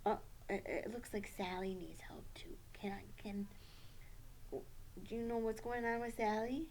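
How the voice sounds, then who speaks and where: A woman's voice: on the high side, fairly even intonation, unhurried, darkish tone, slight background noise, pitched below the performer's own voice. A woman voicing a timid, flustered young schoolboy puppet in a children's puppet show, stammering and hesitant.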